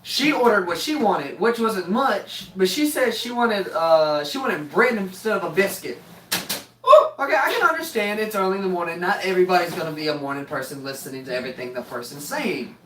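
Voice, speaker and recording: A man's voice: sits high, big pitch swings, a little fast, a bit bright. Rambling, joking young man. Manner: joking, rambling, laughs often. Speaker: vlogger telling a story. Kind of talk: rambling storytime chat. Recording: roomy, voice distant from mic.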